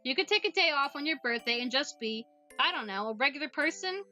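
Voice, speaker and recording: A woman's voice: high voice, lively intonation, fairly quick, pushed and bright, soft background music. A woman voicing a blunt, impatient young girl who teases her friend in a snappy, sarcastic way in a voiced visual novel. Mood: coaxing.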